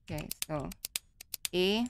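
A woman's voice: on the low side, slow, gravelly, noisy background. Nervous woman narrating a horror game. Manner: talks to herself while playing, nervous and chatty. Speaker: gaming channel host.

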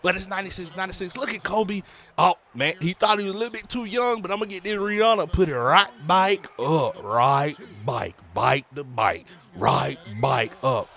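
A man, a father, giving excitable, slangy play-by-play commentary over his own video game session. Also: high voice, moderate pace. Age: adult, a parent. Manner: excitable, slangy hype talk. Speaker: gaming YouTuber.

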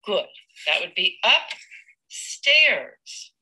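Bright-voiced patient woman teacher. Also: mid-range voice, animated, poor audio. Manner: patient, encouraging, sounds out words slowly. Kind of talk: live teaching demonstration with a child.

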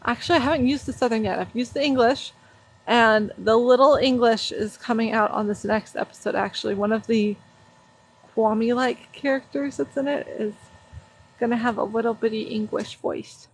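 A woman's voice: a little high, normal speed, husky, low-quality recording. Bubbly woman chatting on a livestream. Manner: bubbly, gushing, excited. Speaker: performer and content creator. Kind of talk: casual livestream chat. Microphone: phone livestream.

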